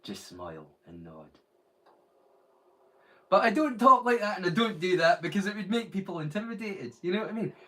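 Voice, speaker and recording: A man's voice: sits high, fast, few pauses, bright, forceful tone, slight background noise. A man hosting a live stream, chatting casually and rambling while he reads the chat aloud.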